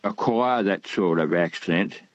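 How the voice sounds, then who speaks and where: An older man talks over a muffled phone line, his voice sitting low. He rambles through a long story, stopping and restarting with plenty of ums. The sound is dry and close. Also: measured pace, no echo. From Australia. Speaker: caller. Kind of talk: radio call-in chat. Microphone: telephone.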